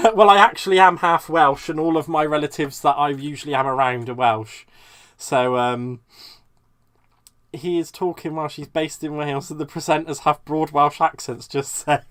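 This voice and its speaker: A man's voice: on the high side, fairly even intonation, normal speed, a bit bright. A man hosting a live crafting stream, chatting casually and laughing at himself as he works. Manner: chatty, self-mocking, laughs often.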